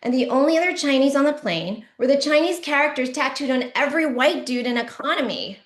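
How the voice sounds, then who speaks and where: Woman doin standup, deadpan then yelling, voice bounces up n down, echoey room. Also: sits high, a little fast. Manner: deadpan punchlines, sudden shouty bursts. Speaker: stand-up comedian. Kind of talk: stand-up comedy set. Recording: roomy echo.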